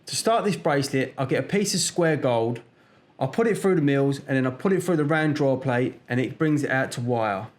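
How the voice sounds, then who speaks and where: A man's voice: medium pitch, animated, a little fast. A man with an East London accent, a jeweller narrating his vlog in a plain, matter-of-fact way. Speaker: jeweller and channel host.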